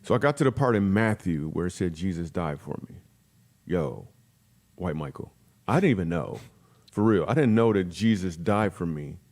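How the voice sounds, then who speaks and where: A middle-aged man talks fast in a slightly low voice, spinning a comic story as a podcast guest. He slips into quick voices for the people he quotes. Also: animated, a little mellow. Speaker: guest comedian.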